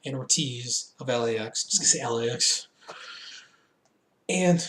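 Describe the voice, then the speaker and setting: A slightly tipsy man talks through a review in a fairly high voice, tripping over names, piling on fillers and chuckling at himself. His voice rings in an echoey room. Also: measured pace. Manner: rambling, laughs at himself, many fillers. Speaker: wrestling reviewer. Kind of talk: casual video review.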